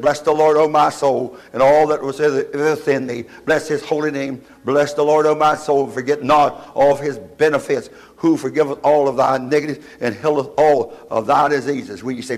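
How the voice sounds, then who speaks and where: A man from West Virginia, preaching a sermon, filling nearly every phrase with amen and asking rhetorical questions. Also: mid-range voice. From West Virginia, USA. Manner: asks rhetorical "what?" questions.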